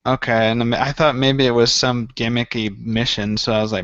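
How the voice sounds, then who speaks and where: A man's voice: medium pitch, level tone, fairly quick, hardly any pauses, a bit bright, clean tone, dry recording. A man co-hosting a casual gaming podcast, rambling through stories and acting out what he thought at the time. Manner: rambling storyteller, acts out his own past thoughts. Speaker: podcast co-host. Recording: dull, slightly lo-fi dry sound.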